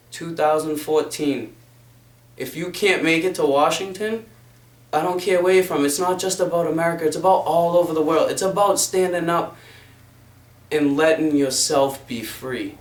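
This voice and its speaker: Pitched on the high side and speaking at normal speed, a young man delivers a fervent, preachy rant to the camera, heavy with profanity. The mic sits far away, so the sound is roomy.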